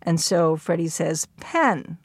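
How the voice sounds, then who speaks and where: A woman's voice: lowish voice, dry recording. Dry-voiced woman lecturer. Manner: measured explanatory delivery, acts out quoted lines. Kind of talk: recorded lecture.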